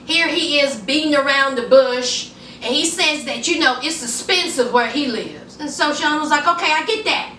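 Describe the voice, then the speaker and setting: A woman's voice: moderate pace, sharp tone, slight background noise. A woman vlogger recapping a reality show in casual, sassy chat, calling her viewers y'all and honey. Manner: acts out quoted people in a higher voice. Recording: echoey room, mic at a distance.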